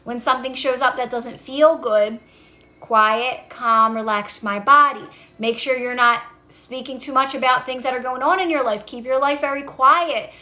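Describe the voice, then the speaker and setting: A woman on a phone livestream, coaching viewers in a casual way, repeating calm instructions and answering their comments. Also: high-pitched, moderate pace, hardly any pauses. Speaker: manifestation coach. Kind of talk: casual TikTok live talk.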